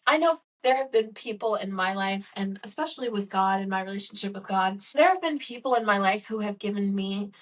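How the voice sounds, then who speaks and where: A woman's voice: medium pitch, lively intonation, brisk, hardly any pauses, recorded from a distance, a little hiss or hum. A young woman from Chicago hosting a solo podcast, talking in an earnest, candid way about herself with many casual fillers. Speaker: podcast host. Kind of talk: reflective solo podcast monologue.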